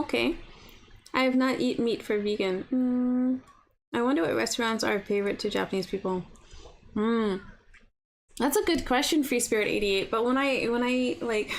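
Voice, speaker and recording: A woman's voice: on the high side, a little hiss or hum. Chatty young woman livestreaming from home. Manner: chatty, lots of "like" fillers, reads and answers comments. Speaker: livestream host. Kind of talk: casual livestream chat. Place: home apartment.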